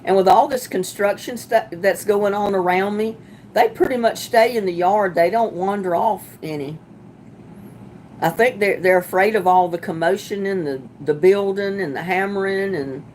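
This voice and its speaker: A woman hosting a casual livestream, chatting with viewers as she reads their comments, sympathetic and quick to laugh. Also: medium pitch, darkish tone, a little hiss or hum. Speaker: livestream host.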